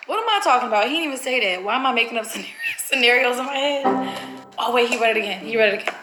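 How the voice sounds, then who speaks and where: A woman's voice: a little high, expressive, fast talker. A young woman vlogging casually to her viewers, chatty and giggly, talking straight to the camera. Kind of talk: casual vlog chat to camera. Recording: roomy echo with faint music.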